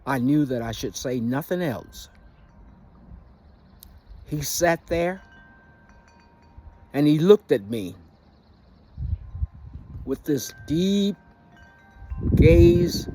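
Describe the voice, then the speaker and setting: A male author narrating a personal story in an expressive storytelling manner. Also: medium pitch.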